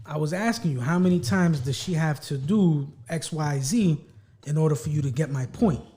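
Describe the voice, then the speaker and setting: A man's voice: on the high side, normal speed, mellow. Blunt, teasing man on a podcast. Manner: blunt, teasing, swears freely. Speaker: podcast co-host. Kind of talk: casual chat.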